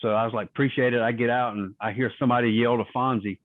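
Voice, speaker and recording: A man telling stories on a podcast, his voice coming through a thin, phone-like line that is dry and close. He speaks in a middle pitch and acts out the lines of the people he quotes as he goes. The talk is casual and relaxed. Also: fast talker, no echo. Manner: animated storyteller acting out quoted voices. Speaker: guest, retired wrestler. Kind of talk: casual interview storytelling.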